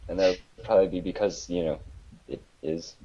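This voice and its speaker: A man's voice: low-pitched, moderate pace, dark tone, husky. Chatty man on muffled call audio. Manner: chatty and teasing. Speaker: co-host on a gaming livestream. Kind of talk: casual chat.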